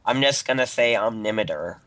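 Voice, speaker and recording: A man's voice: lowish voice, expressive, brisk, fairly bright tone. A man from the eastern United States playing a game with a friend, goofy and playful in casual banter. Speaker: friend testing the mod.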